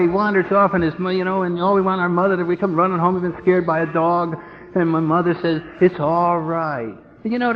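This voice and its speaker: Guy at a recovery meeting spinning a funny story, fairly high voice, old dull tape, echoey hall. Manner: storytelling, animated and humorous. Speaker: AA speaker. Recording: dull 1970s tape in long-echo hall.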